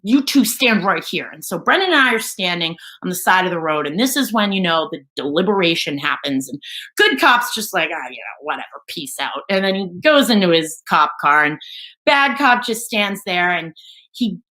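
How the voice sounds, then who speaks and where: A woman from New York tells a personal story live in a casual, profane way. Her pitch swings widely and her tone stays bright and forward. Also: sing-song, moderate pace, poor audio.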